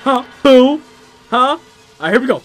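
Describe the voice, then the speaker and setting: Hyped high-voiced man trash-talking a game. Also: lively intonation, moderate pace, soft background music. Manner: hyped, profane trash talk; yells at the screen. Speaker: gamer. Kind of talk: let's play commentary.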